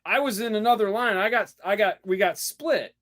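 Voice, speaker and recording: A middle-aged man co-hosting a casual podcast, telling anecdotes in a lively way and acting out the people in them. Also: high-pitched, moderate pace. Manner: animated storyteller, acts out the people in his anecdotes. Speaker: podcast host. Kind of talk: casual chat.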